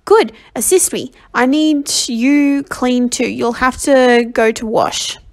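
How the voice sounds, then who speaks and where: A crisp, kindly ship's doctor giving orders in a storybook reading, as a woman reads him. He sounds businesslike and in charge, and his voice stays fairly high. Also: slow pace, dry recording, poor audio. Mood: brisk. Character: brisk kindly ship's doctor, middle-aged man.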